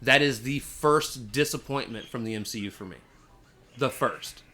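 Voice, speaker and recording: A man's voice: mid-range voice, moderate pace, pushed and bright. A man co-hosting a podcast in casual chat, blunt and opinionated, swearing now and then. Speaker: podcast co-host.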